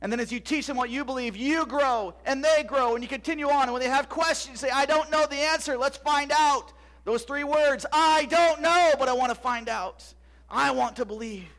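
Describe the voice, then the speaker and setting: A man's voice: very high voice, a bit bright. A middle-aged man preaching a sermon, asking rhetorical questions with emphasis and sometimes dropping to a whisper. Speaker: pastor.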